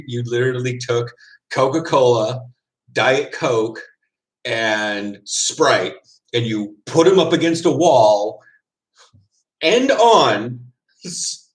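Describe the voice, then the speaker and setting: A man from the United States with a mid-range voice chats casually as a vlogger, wry and sarcastic and laughing often. The recording is rough.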